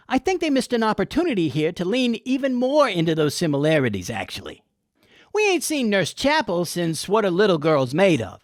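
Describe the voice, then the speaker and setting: A man's voice: sits high, dry recording, clean studio sound. A man hosting a comic episode review, with irreverent, folksy and profane wit. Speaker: host.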